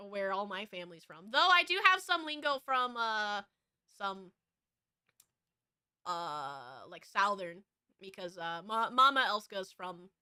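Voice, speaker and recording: This VTuber streamer is a woman with an American West Coast accent who rambles through casual chat, full of fillers and restarts. She speaks at medium pitch, animated but unhurried, her tone sharp, clear and resonant. There's no echo, just clean studio audio.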